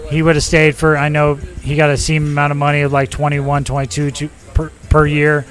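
Chatty rambling man, slightly high voice. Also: monotone, a little fast. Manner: rambling, self-correcting storyteller. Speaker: former pro baseball player, podcast guest. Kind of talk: casual chat.

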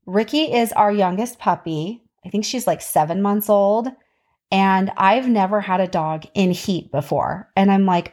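A woman in her thirties hosts a podcast, chatting casually about her week in an animated storytelling voice that jumps up in pitch when she gets excited. She talks a little slowly.

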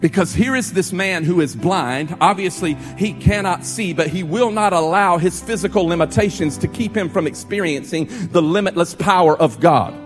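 A man preaching a sermon as pastor, building to loud, ringing emphasis. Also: sits high, normal speed, hardly any pauses. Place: church sanctuary. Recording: long hall reverb with faint music.

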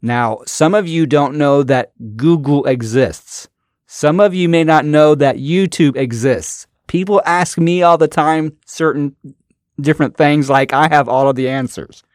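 A man hosts his podcast with a motivational, exhorting monologue, hammering points home through repetition. His voice sits a little high for a man and moves at an unhurried pace. The sound is dry and close, with no room around it. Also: no room sound. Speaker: podcast host and coach.

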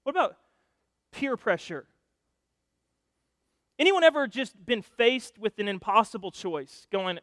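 A male pastor preaching a sermon, telling stories with animated shifts between loud and hushed delivery. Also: high-pitched, normal speed, pauses often, no echo, clean studio sound, big-room sound.

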